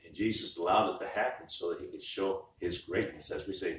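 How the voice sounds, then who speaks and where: This pastor's voice sits low but has a fairly bright tone, and he moves at a fairly quick pace. He preaches in a conversational way in the church sanctuary, often starting his words over. The mic is far off, so the echoey room comes through.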